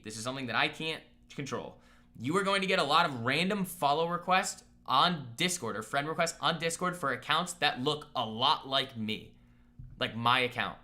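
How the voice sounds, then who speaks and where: A man's voice: mid-range voice, bright, forceful tone. A young man hosting a live trading stream from his apartment, chatting casually, rambling and joking while reading the chat aloud. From Boston area. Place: apartment room.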